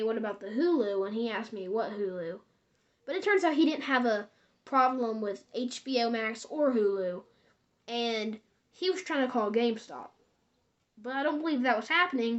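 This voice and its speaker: A woman's voice: a little high, highs cut off. A woman casually telling a scary story in a rambling, self-correcting way.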